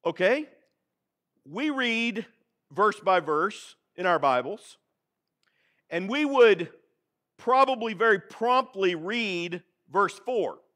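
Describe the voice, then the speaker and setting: A man's voice: high-pitched, slow pace, pauses often. Texan preacher guy, big swoops in his voice, dramatic, gets the church to say it with him. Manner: dramatic, animated preaching with call-and-response. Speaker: pastor. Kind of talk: sermon. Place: church sanctuary.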